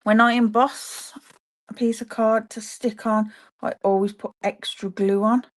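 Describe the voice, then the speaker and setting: Unhurried chatty woman making cards. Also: on the high side, steady tone. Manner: chatty, talks to viewers while working. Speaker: papercraft demonstrator. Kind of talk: live-streamed card-making demo. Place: home craft room.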